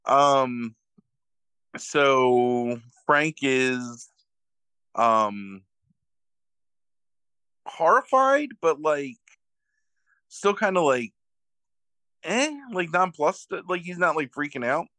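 A man's voice: medium pitch, drawn-out words, long pauses, pushed and bright, clean tone, no room sound. A man co-hosting a podcast, retelling a movie's plot in casual, rambling chat full of fillers and self-corrections. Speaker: podcast co-host recapping a movie.

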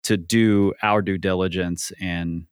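A man's voice: low-pitched, steady tone, slow pace, smooth, no echo, clean studio sound. A man hosting a podcast, explaining things earnestly with frequent ums and easy laughs. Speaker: podcast host. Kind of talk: casual podcast discussion.

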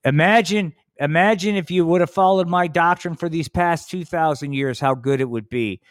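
A man voicing a preachy stoner messiah in a comedic puppet show, loud and sermonizing with a drawn-out drawl. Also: a little high, dry recording, studio quality, voice pushed up, lightly acted. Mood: scolding.

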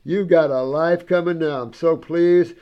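In a muffled recording, a man with a highish, clean-toned voice speaks unhurriedly with fairly even intonation. A natural health practitioner, he talks casually and enthusiastically to an online audience about client cases, rambling with asides and repetitions, calling viewers sweetie and honey, and acting out dialogue in his anecdotes.

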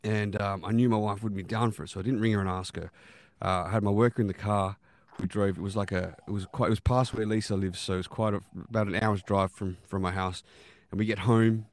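A man's voice: fairly low pitch, fairly even intonation, fast. Rambling, foul-mouthed man. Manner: rambling, swears freely. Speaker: podcast host. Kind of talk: casual chat and storytelling.

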